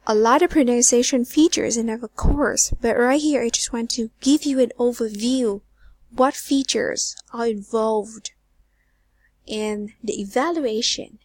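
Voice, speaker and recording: A woman's slightly mellow, fairly high voice leads a recorded online English lesson with no room sound. She quizzes learners, says words over slowly, and lets the ends of her phrases trail off nearly to a whisper.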